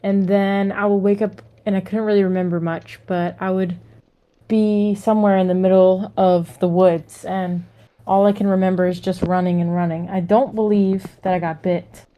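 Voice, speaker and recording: A woman's voice: mid-range voice, flat delivery, moderate pace, warm tone, natural voice. A woman voicing an anxious young woman cursed as a werewolf, speaking hesitantly and earnestly. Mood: worried.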